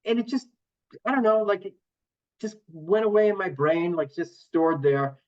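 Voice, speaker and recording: A comedian from the Boston area, guesting on a podcast, chats casually in a high voice at a moderate pace, and the audio sounds dull. He tells rambling stories packed with swearing and acts out the voices he quotes.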